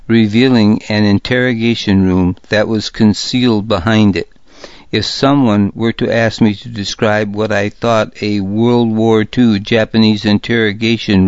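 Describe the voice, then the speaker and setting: A man narrating a first-person story in a measured, even storytelling delivery. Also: on the low side, dry recording. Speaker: audiobook narrator. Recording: dull, slightly lo-fi dry recording.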